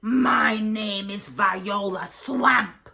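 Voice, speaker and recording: A woman's voice: mid-range voice, creaky, heavily acted. A woman voicing a strict, villainous substitute teacher with a scratchy voice, for a read-aloud storybook. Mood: stern. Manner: stern, bossy, slow and loud.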